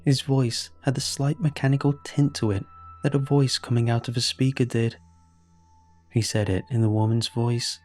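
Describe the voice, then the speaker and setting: A man reading a horror story aloud in a measured, grave scripted narration. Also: mid-range voice, level tone, a little mellow. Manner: slow, measured, grave delivery. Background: faint background music.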